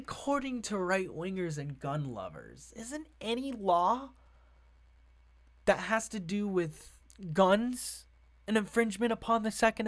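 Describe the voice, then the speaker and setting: A sarcastic political commentator who reads out news and breaks into profane rants. The delivery is heated, mocking and full of rhetorical questions. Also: mid-range voice.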